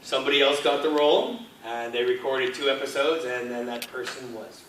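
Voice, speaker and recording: A man's voice: mid-range voice, fairly even intonation, fairly quick, a bit bright, a little hiss or hum. A man telling chatty anecdotes as a guest on a convention panel. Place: convention hall. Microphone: filmed from audience seating. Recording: echoey hall from far off.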